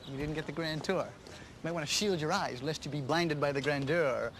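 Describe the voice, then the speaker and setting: A man's voice: on the high side, a little fast, fairly bright tone, slight background noise. An actor playing an eager, boastful young small-town man who talks enthusiastically and pushily. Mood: showy. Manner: enthusiastic, showy, pushy.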